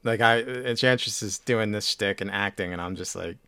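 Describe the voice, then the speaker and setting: Rambling low-voiced man telling a story. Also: normal speed, sharp tone, smooth, no room sound. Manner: rambling storytelling with many fillers and restarts. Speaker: podcast co-host. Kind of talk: casual chat.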